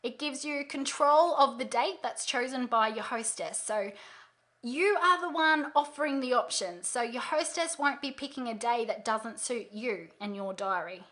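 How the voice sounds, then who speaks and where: A woman with a high, bright voice leads a live training webinar. She explains each step emphatically and acts out sample questions. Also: normal speed. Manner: emphatic, upbeat teaching with demonstrated questions. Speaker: sales trainer hosting a webinar.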